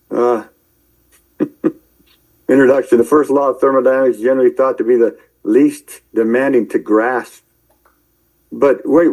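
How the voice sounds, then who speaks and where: A man preaching in a rambling commentary, shouting angry tirades at his listeners and then muttering to himself as he browses his screen. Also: medium pitch, low-quality recording. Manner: addresses listeners directly, calling out believers. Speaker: online preacher.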